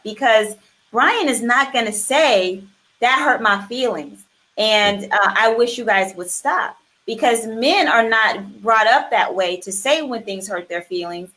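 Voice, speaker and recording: Woman host telling a story at a higher pitch. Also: unhurried. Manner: animated storytelling, acts out quoted voices. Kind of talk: casual conversation.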